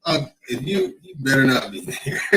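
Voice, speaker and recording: A man's voice: mid-range voice, unhurried, sharp tone, low-quality recording. A man hosting a casual livestream, talking in a rambling, emphatic way, often repeating himself and reading comments from the chat. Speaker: livestream host.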